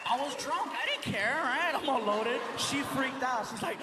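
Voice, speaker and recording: A male comedian with a high voice tells a story to a packed theater, lively and full of put-on voices. He speaks into a handheld stage mic. A loud, laughing crowd and heavy noise fill the space around him. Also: moderate pace, hardly any pauses, distant mic. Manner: animated, storytelling, does voices. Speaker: stand-up comedian. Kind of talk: stand-up comedy routine.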